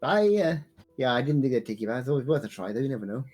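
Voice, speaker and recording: A man's voice: mid-range voice, big pitch swings, rapid-fire, over music. Hesitant polite man playing a game. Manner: hesitant, polite, many fillers. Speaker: player. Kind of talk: casual tabletop role-play.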